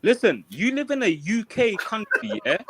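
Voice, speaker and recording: A man's voice: high-pitched, huge pitch swings, moderate pace, slight background noise. A young man with a London accent, arguing heatedly on a live online panel, swearing and threatening, then backing down. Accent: London English. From England.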